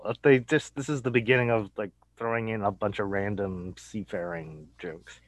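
A man's voice: fairly low pitch, steady tone, moderate pace. A man co-hosting a casual talk, adding brief comments and laughing often. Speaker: co-host. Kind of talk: casual chat.

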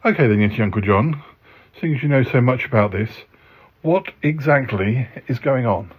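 A man's voice: mid-range voice, lively intonation, normal speed, breathy edge. A man hosting a comic podcast skit, fretful and easily worried. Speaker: podcast host. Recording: dull lo-fi recording.

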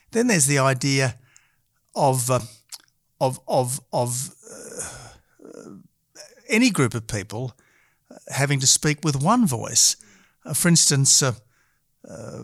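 Middle-aged Australian male politician, measured and argumentative, halting delivery, dry close sound, average pitch. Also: creaky, fairly bright tone, dry recording. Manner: measured and argumentative, frequent hesitations. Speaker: politician guest. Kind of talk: political interview.

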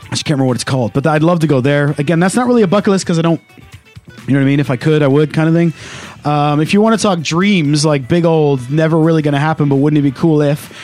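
A man's voice: on the high side, darkish tone. A man co-hosting a podcast, chatting casually and swearing freely. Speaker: podcast co-host. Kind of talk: casual banter.

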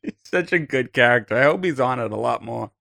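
A man's voice: medium pitch, lively intonation, a little fast, gravelly, bright, forceful tone. A man with an ordinary mid-range voice chats casually on a podcast. He is laid-back and offers tentative guesses. His remarks are short and easygoing. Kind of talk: casual chat.

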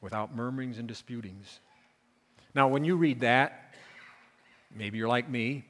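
A male pastor delivers a sermon in a church sanctuary, his voice ringing with a long hall reverb. He talks at a mid pitch, drops low and quiet to explain, then climbs loud to drive a point home, repeating key phrases for weight. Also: a little slow, pauses often.

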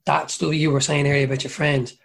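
A man's voice: fairly high pitch, flat delivery, quick pace, gravelly. A man with an Irish accent telling long, rambling stories in a casual chat, swearing freely and mimicking people.

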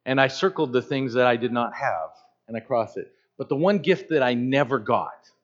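A pastor in his fifties preaching a sermon in an animated, conversational way with joking asides. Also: mid-range voice. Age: 50s. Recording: slightly dull lo-fi sound.

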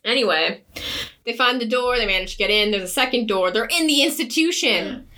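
A woman's voice: a little high, lively intonation, brisk, bright, forceful tone. A young woman casually recapping a book on a podcast, chatty and sarcastic, laughing often. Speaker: podcast co-host.

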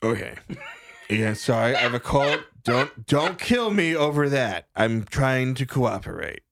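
A man's voice: mid-range voice, lively intonation, measured pace, gravelly, background noise, pitched above the performer's own voice. A man voicing a jittery young male medic who has a head cold, talking in a stuffy, nasal, rambling and defensive way. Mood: nervous.

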